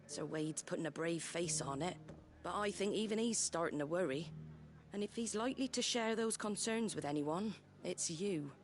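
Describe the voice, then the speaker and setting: A woman's voice: fairly low pitch, animated, moderate pace, close to an everyday voice. An actress voicing a hearty, practical woman rebuilding her village, speaking in a folksy, blunt way in video game dialogue. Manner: folksy and blunt, dropping word endings.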